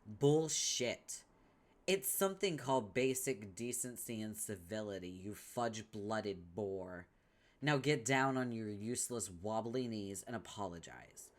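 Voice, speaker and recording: A man's voice: fairly low pitch, expressive, unhurried. A man voicing a bossy, cruel young troll girl who sneers and scolds in a comic read-along. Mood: scolding.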